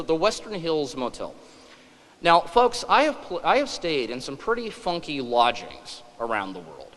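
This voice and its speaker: Middle-aged male conference speaker, joking and emphatic, in a reverberant hall. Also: fairly high pitch. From western Kansas, USA. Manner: animated, joking, emphatic asides. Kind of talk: humorous storytelling speech. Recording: echoey hall.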